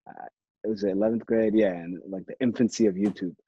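Husky guy on a podcast, jokey stories, dry dull-ish audio. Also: on the low side, fast. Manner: jokey, animated storyteller. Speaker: podcast co-host. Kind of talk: casual chat.

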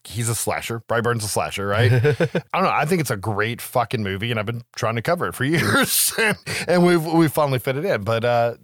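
A man co-hosting a podcast, recapping a horror film in a lively, profane, casual way. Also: mid-range voice, fairly quick, dry recording, studio quality. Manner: animated, profane storytelling. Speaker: podcast co-host.

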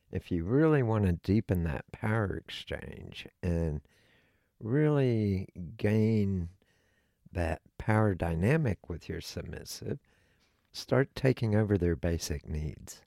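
A man co-hosting a podcast, talking in a slow, deliberate, instructive way. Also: deep voice, vocal fry, mellow, no room sound, studio quality. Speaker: podcast co-host. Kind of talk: casual podcast chat.

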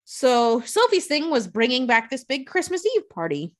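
In a high voice at normal speed, a woman gives a laid-back, swear-heavy summary of a movie. She brings the characters to life by quoting their lines in different voices.

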